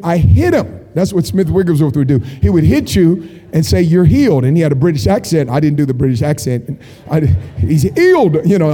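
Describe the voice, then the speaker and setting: A man preaches with a high, very mellow voice, spinning stories with jokey asides. His words ring out with a long hall reverb behind them. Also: husky. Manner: animated storytelling, jokey asides. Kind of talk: sermon.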